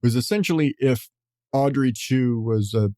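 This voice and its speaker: A man's voice: medium pitch, normal speed, warm tone, no echo, studio quality. A man hosting a podcast, talking in a rambling, casual way with frequent swearing and chuckles. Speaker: podcast host. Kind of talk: casual chat.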